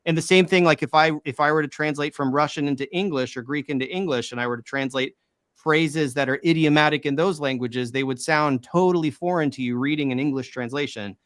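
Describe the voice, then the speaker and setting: A man's voice: fairly high pitch, a little fast, fairly bright tone, no room sound, clean studio sound. A man in a casual discussion who explains language questions in an earnest, step-by-step way. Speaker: guest who reads ancient languages.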